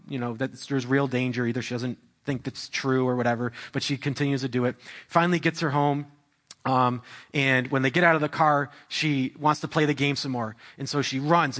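A man's voice: medium pitch, fairly even intonation, fairly quick, a bit bright. A young adult man preaching a sermon into a microphone in a church, talking conversationally with restarts and building to raised intensity. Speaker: pastor. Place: church hall. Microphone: handheld or stand microphone.

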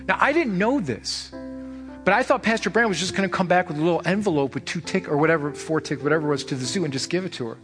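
A man preaching a sermon as pastor, telling a story with lively, animated delivery and repeating phrases for emphasis. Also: fast. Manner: animated storytelling, rising high when excited. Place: church sanctuary. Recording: long church reverb with soft music behind.

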